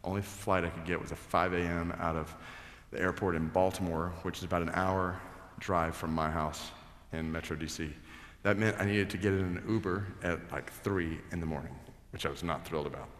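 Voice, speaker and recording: A middle-aged man preaching a sermon as pastor, moving from hushed scripture reading to loud, excited storytelling. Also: low voice, fairly quick. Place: large church hall. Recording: echoey hall reverb.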